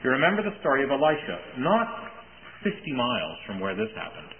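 A man preaching a sermon in a conversational storytelling way, with pauses and restarts. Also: mid-range voice, wildly swooping pitch. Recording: tinny phone-like recording with faint hiss.

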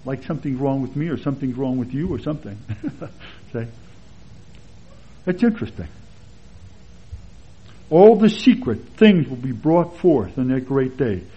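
A man giving a conversational expository sermon as a Bible teacher, relaxed and chatty, with anecdotes and chuckles along the way. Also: mid-range voice, measured pace, long pauses, slightly rough. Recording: dull lo-fi sermon recording.

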